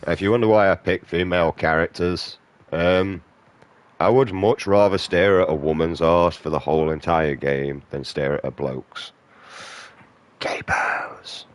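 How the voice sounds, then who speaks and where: A man's voice: low-pitched, fairly even intonation, moderate pace. A British man in his thirties ranting profanely as he comments over his gameplay. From Britain. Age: 30s. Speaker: gaming streamer.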